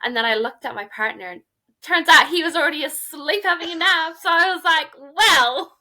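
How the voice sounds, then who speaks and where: Young woman, podcast co-host, easygoing chat, bright tone, fairly high pitch. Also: moderate pace. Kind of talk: casual chat.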